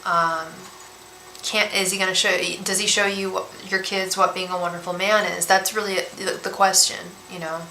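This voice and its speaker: A woman reading tarot cards on a live stream, talking gently and emotionally, often repeating and restarting her words. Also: medium pitch, little pitch movement, moderate pace. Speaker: tarot reader and psychic medium. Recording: echoey room with faint background hiss.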